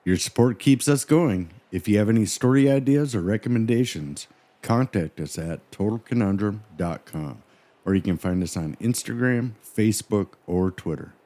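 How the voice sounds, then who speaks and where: A man's voice: lowish voice, expressive, moderate pace. Wisecracking man podcast co-host. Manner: goofy, wisecracking, with loud joke yells. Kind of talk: scripted podcast banter.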